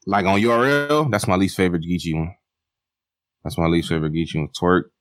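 A man's voice: low-pitched, brisk. A man co-hosting a podcast, chatting casually in slang, with laid-back restarts and frequent laughs. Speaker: podcast co-host. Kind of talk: casual chat.

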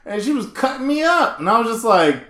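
In an echoey room, a podcast co-host talks briskly in an extremely high-pitched voice. He's a man on a casual comedy show, spinning stories, performing other people's lines, and frequently cursing and laughing.

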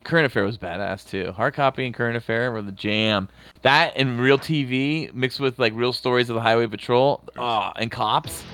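A man in his thirties co-hosting a podcast, rambling and swearing as he tells animated stories in casual chat. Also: medium pitch, normal speed. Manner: rambling, profane, animated storytelling. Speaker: podcast co-host.

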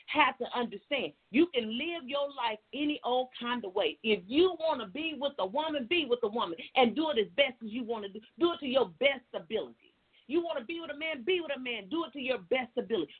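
Through tinny, phone-like audio, a woman life coach chats folksily with her viewers, telling a story before turning to emphatic, preachy advice rooted in faith. Her voice is fairly high with a breathy edge.

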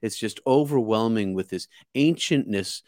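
A man from outside Boston tells a story aloud in an earnest, vivid way, often repeating and restarting his words. His voice sits fairly low. The sound is dry, with no room echo. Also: moderate pace, darkish tone. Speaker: guest. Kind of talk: casual spoken storytelling.

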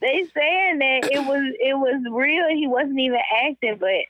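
A woman's voice: high voice, a little slow. A woman co-hosting a casual chat with a friend over the phone, speaking bluntly and laughing easily. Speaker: podcast co-host. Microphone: phone call. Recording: muffled phone line.

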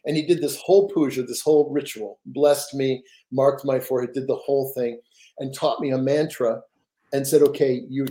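A man's voice: medium pitch, dark tone. An older man, a guest author, telling stories in a rambling, casual way with repeated words and laughs. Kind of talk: casual storytelling.

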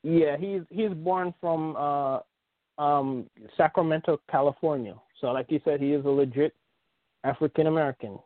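His fairly high-pitched voice comes over a tinny phone line, dry and without room sound, at normal speed. He hosts a casual sports talk show and rambles with frequent fillers and restarts.

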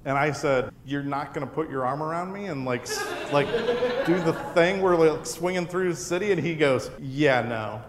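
A man's voice: a little high, normal speed, slight background noise. A man hosting a live show, telling a funny personal story to an audience with laughter in his voice. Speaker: podcast host. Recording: echoey hall with a live audience.

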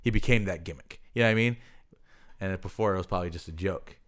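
A man co-hosting a casual podcast, swearing a lot, laughing often and telling animated stories. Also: deep voice, quick pace. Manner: profane, laughing, animated storytelling. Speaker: podcast co-host.

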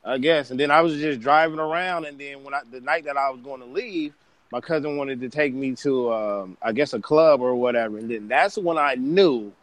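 A man's voice: mid-range voice, normal speed, no room sound. A man telling stories in a casual podcast chat, full of restarts and profanity. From Bay Area, California. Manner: animated storytelling with restarts and profanity.

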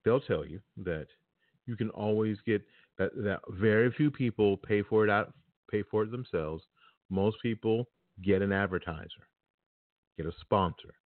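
A man's voice: lowish voice, normal speed, no echo, narrow, tinny audio. A man hosting his own podcast talk show, chatting casually and bluntly to his listeners. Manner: blunt and opinionated, speaks directly to listeners. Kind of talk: casual spoken monologue.

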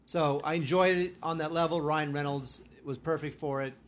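Wry man with a higher voice. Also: fairly even intonation, moderate pace. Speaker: podcast co-host. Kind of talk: casual chat reviewing movies.

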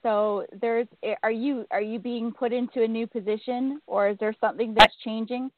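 A woman's voice: fairly high pitch, steady tone, normal speed, very noisy. A woman giving a psychic reading on a call-in radio show, hesitantly relaying messages she says she receives. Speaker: psychic medium. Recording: dry tinny phone line.

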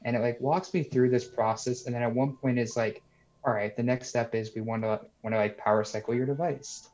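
A man's voice: mid-range voice, a little mellow. Young man telling a story over a muffled call. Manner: rambling, heavy use of "like" and "you know". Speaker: caller sharing a story. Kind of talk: casual storytelling. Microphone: video call.

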